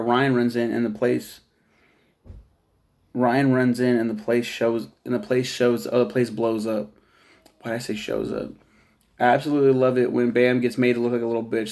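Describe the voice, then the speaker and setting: A man's voice: medium pitch, vocal fry, a little mellow. A man casually reviewing a TV show in a rambling, profane monologue, laughing at his own jokes.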